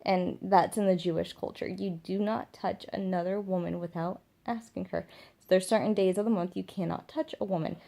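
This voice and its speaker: Speaking at a normal speed, this young mother's fairly low voice is creaky and mellow, with a fairly even intonation. In her casual parenting vlog she addresses the camera earnestly, stressing her points by repeating them.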